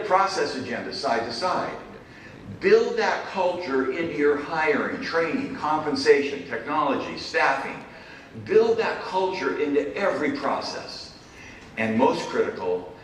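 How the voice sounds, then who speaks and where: Middle-aged male keynote speaker, punchy phrasing and dry wit, distant mic in a big reverberant hall. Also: medium pitch. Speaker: keynote speaker, business professor. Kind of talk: conference keynote talk. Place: large conference hall. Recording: echoey hall, distant mic, faint noise.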